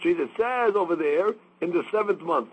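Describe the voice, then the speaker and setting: High-voiced man teaching Talmud. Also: expressive, normal speed, husky, rough recording. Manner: explains step by step, mixing Aramaic quotes with English. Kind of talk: daily Talmud class.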